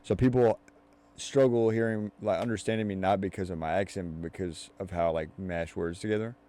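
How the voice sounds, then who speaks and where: A man's voice: low voice, steady tone, a little fast, warm tone. A young man hosting a podcast in casual chat, mashing his words together as he talks. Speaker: podcast host.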